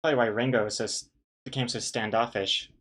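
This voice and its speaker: A man's voice: medium pitch, fairly even intonation, fast talker, a bit bright. Laid-back man chatting while he draws. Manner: rambling, self-mocking, reads out chat messages and greets viewers. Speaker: streamer drawing a webcomic. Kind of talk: casual chat while drawing on a live stream.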